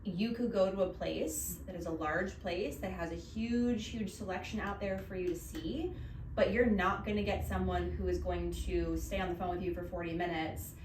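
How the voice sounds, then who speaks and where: A woman's voice: on the low side, fairly even intonation, moderate pace, darkish tone. A woman hosting a wedding podcast, giving conversational advice in a casual chat. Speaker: podcast host. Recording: roomy, distant mic with faint noise.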